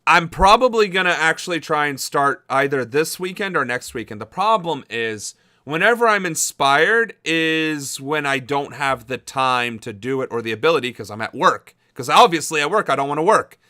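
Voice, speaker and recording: With a slightly high voice and lively intonation, a young man hosts a political livestream at a moderate pace, his tone pushed and bright. The studio-quality audio has no room sound, and he chats casually through chat messages, rambling, laughing easily and filling gaps with fillers.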